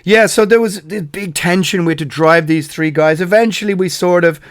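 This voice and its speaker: A man's voice: high-pitched, normal speed, dry recording, clean studio sound. An Irish man in his forties hosting a podcast, telling stories in a rambling way with many fillers and self-corrections. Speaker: podcast host. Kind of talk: casual anecdotal storytelling.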